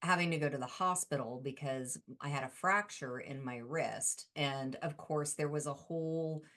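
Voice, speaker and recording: A woman hosting a conversation, speaking in a soft-spoken, reflective way about her own past. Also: low-pitched, normal speed. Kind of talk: casual conversation.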